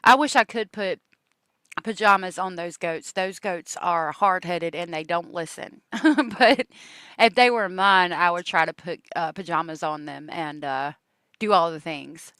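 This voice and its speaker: A woman's voice: on the low side, a little slow, fairly bright tone, clean tone, dry recording. A woman hosting a true crime live stream, rambling in casual chat with lots of ums and likes and gushing thanks to her viewers.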